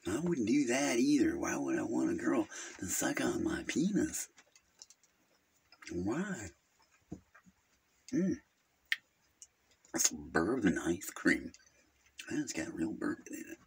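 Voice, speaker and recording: A man's voice: mid-range voice, very animated, takes it slowly, creaky, pauses often, slight background noise, full character voice. A man playing a rambling, gossipy male Jehovah's Witness who halts, hums and giggles at his own crude jokes in an improvised comedy monologue.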